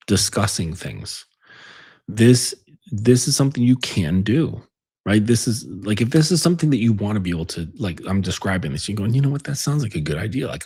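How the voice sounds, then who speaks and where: A man's voice: lowish voice, darkish tone, breathy edge. A man giving relationship advice in a casual monologue, rambling and blunt, swearing freely with lots of fillers. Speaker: relationship coach.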